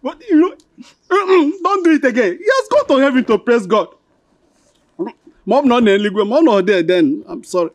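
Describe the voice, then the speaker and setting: A sympathetic old friend who soothes a grieving widow, stumbling and repeating his words. His Nigerian-accented voice moves in wide, lively pitch swings. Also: dry recording. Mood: consoling. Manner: halting, consoling, repeats himself. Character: sympathetic male childhood friend consoling a widow.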